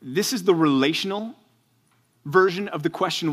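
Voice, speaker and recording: A man preaching to students. He speaks earnestly, repeats words as he gets going and builds up to loud, fired-up emphasis. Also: fairly high pitch, a little fast. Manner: repeats words when excited. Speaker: youth pastor. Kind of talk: sermon to students.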